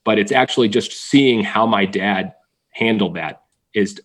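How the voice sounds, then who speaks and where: A man in his thirties who tells personal stories as a guest in a conversation, animated and upbeat. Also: on the low side, unhurried. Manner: energetic, animated storyteller. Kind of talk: storytelling interview.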